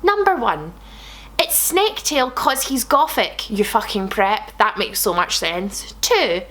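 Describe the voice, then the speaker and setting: A young woman comedian reading bad fan fiction aloud, animated and sarcastic, swearing freely. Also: mid-range voice, takes it slowly. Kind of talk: comic read-aloud.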